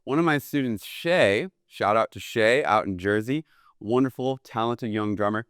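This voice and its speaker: Recorded close and dry, a man with a smooth, resonant voice, on the low side and a bit bright, leads a video lesson on jazz drumming. He chats enthusiastically and casually, repeatedly asking "right?", while a drum kit is played between his phrases.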